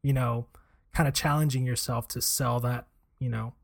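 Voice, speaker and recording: A man's voice: medium pitch, fairly even intonation, moderate pace, vocal fry. A man in casual podcast chat, rambling with many "like" and "you know" fillers. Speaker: co-host, former aviation salesman.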